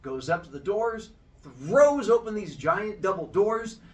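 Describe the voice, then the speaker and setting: A man telling a myth as a comic story, animated and jokey, acting out each character. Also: sits high, a little slow. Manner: animated, jokey, acts out every voice. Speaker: podcast storyteller. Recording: distant mic with faint noise.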